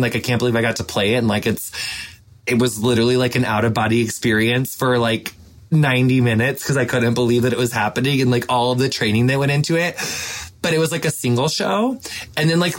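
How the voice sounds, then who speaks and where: A man hosting a podcast in casual chat, gushing and rambling with lots of fillers. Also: medium pitch. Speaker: podcast host.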